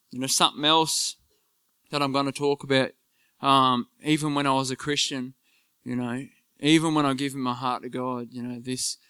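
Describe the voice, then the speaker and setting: A man giving an earnest personal faith testimony, halting and full of fillers. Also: mid-range voice, sharp tone, clean tone, no echo. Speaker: church member giving testimony.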